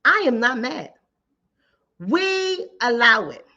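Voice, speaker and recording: A woman's voice: fairly high pitch, big pitch swings, slow pace, sharp tone, muffled recording. A woman relationship coach, giving emphatic, repetitive commentary straight to her viewers. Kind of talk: casual commentary to camera.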